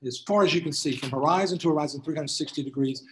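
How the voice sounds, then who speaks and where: A man lectures a class in a room full of people, talking conversationally and often restarting his phrases. His voice sits somewhat high for a man. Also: quick pace, a little hiss or hum, poor audio. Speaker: attorney giving a class talk.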